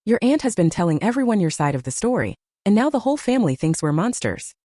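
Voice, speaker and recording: A woman's voice: medium pitch, very animated, fast, dark tone, no room sound, clean studio sound. A woman voicing a weary, defensive father who speaks nervously and mumbles.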